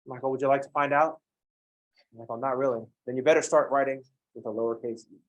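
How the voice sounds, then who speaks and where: A man's voice: medium pitch, steady tone, fast talker, lo-fi sound. A man teaching a college math class in a classroom, lecturing with wry jokes and playful asides.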